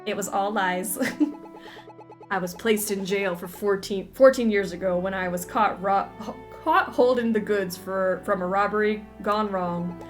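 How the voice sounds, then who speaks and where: A woman's voice: mid-range voice, fairly even intonation, measured pace, faint music behind, voice pushed down, natural voice. A woman reading as a folksy male barber on the run. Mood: confessing. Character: folksy male barber, escaped convict hiding out. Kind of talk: reading game dialogue aloud.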